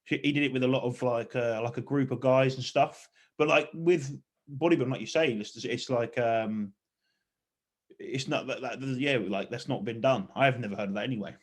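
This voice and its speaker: A man's voice: mid-range voice, normal speed. A man co-hosting a casual podcast chat, rambling, swearing and laughing often. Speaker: podcast co-host.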